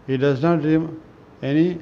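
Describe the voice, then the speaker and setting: A man reading spiritual scripture aloud in a slow, halting way, often restarting words and clearing his throat. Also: a little high, fairly even intonation. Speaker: reader of a spiritual newsletter. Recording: dull lo-fi recording with faint noise.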